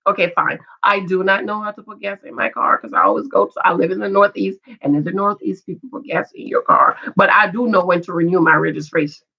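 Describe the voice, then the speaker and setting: A woman's voice: medium pitch, a little fast, creaky, few pauses, breathy edge. A woman recapping a reality TV show in a casual, gossipy, opinionated way, with asides to her viewers. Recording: dull lo-fi sound.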